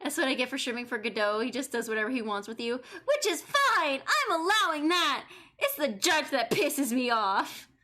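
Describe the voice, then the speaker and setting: A young woman streaming a game, giving loud, frustrated commentary full of swearing. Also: sits high, sing-song, moderate pace. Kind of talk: live gameplay commentary. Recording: faint game music behind.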